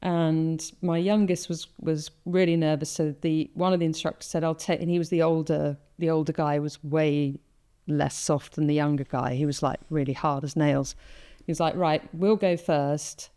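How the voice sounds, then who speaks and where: At a normal speed, a female podcast host tells personal stories in an easy, conversational way. Her voice is low and smooth, her mood mellow and relaxed, and she animates the tales by performing her own inner monologue.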